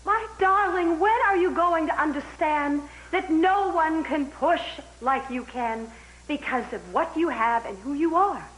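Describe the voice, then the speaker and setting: An actress playing the gentle but firm wife of a pushy patriarch in a soap opera, calm and soothing. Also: female voice, on the high side, fast, slight background noise, rough recording. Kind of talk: television soap opera acting.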